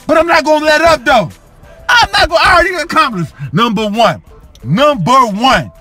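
In live gameplay commentary, a young man brags his way through his football video game match, his high, bright voice returning again and again to lines ending in "coach" and "yo." This gaming YouTuber hypes himself up over faint, soft background music.

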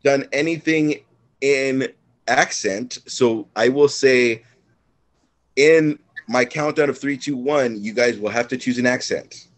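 A man's voice: medium pitch, takes it slowly. A man hosting a casual podcast, running a party game among friends with a bossy, profane, joking manner. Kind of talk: casual chat.

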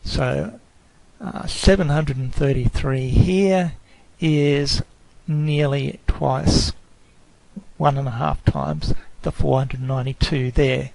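A man walks through a statistics software tutorial at an unhurried, deliberate pace, stopping to correct himself now and then. His voice sits a little high and carries a gravelly edge. The sound is close and dry, with no room around it. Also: fairly even intonation, no room sound, low-quality recording. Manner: slow, careful explaining with self-corrections. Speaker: lecturer.

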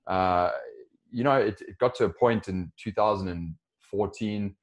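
Deep-voiced South African man, chatty guest. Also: unhurried. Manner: conversational, with frequent restarts and fillers. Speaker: podcast guest, software co-founder. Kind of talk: casual interview.

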